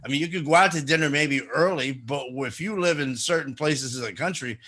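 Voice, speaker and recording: A man's voice: fairly high pitch, brisk, bright, forceful tone. A man with a New Jersey accent hosting a casual radio chat, joking and rambling as he plugs an event. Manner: joking, rambling, self-interrupting. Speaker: radio show host.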